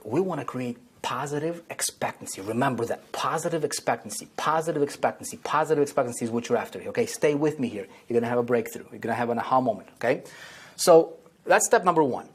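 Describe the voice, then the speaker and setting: A man's voice: mid-range voice, expressive, fast talker, husky. A man teaching online marketing at a whiteboard, repeating key phrases and checking in with "okay?" and "right?" after nearly every point.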